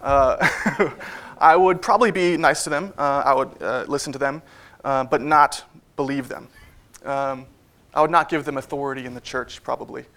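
A man preaching a sermon in a church, in a relaxed, conversational way with frequent fillers and wry asides. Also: mid-range voice, normal speed.

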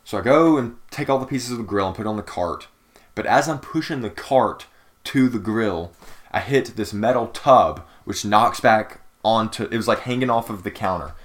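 A young man with a slightly low voice tells a story in relaxed podcast chat. He rambles and backtracks, filling gaps with "like" and "anyway". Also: normal speed. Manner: rambling storyteller, many fillers. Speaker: podcast co-host. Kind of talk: casual chat.

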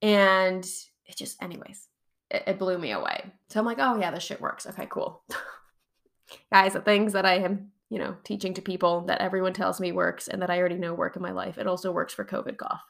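A woman hosting a casual solo podcast, chatty and animated, laughing often and swearing casually while getting over covid. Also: on the low side, a little fast, vocal fry. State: recovering from covid. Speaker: podcast host and chronic pain coach.

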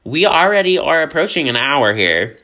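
A man's voice: a little high, big pitch swings, normal speed, pushed and bright. A man from the American South hosting a casual podcast, laid-back and self-deprecating as he jokes with his co-host. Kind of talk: casual chat.

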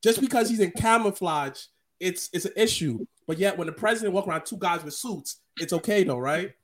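High-voiced animated man hosting a podcast. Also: fairly quick. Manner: animated, laughs often. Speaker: podcast host. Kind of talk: casual chat.

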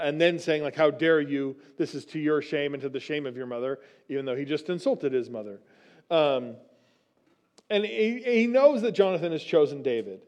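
Male pastor, sermon delivery, chatty teaching tone, voice a bit on the high side. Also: a little mellow. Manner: conversational teaching with frequent restarts and "right?" asides.

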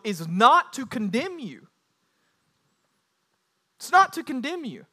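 A man in his thirties preaching a sermon as pastor, animated and building to loud emphatic bursts. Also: very high-pitched, a little slow, pauses often.

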